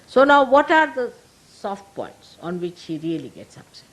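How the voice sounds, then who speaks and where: An older woman with an Indian accent, a spiritual teacher giving a gentle, humorous sermon to her followers. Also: a little high, sing-song, normal speed, low-quality recording. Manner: gentle, humorous, laughing as she talks.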